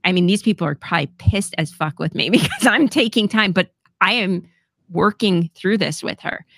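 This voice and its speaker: A woman's voice: lowish voice, lively intonation, moderate pace, gravelly, fairly bright tone, no echo, clean studio sound. A middle-aged woman telling a personal story on a podcast in a candid, casual way, swearing freely and laughing often. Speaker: podcast co-host.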